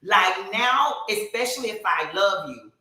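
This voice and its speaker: Chatty woman with a bright, echoey voice. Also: mid-range voice, unhurried. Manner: animated storytelling with many fillers. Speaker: podcast co-host. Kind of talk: casual podcast chat.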